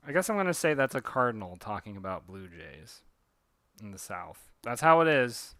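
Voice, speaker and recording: Rambling man with a bright, dry voice. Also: lowish voice, very animated, moderate pace, no echo. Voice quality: rambling, with lots of fillers and self-corrections. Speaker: comic artist streaming his drawing work. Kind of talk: casual livestream chat.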